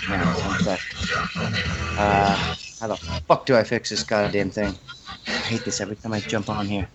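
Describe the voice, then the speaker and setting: A man's voice: on the low side, flat delivery, normal speed, over loud music. A man co-hosting a casual podcast, laid-back and cursing freely. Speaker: podcast co-host. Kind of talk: casual chat.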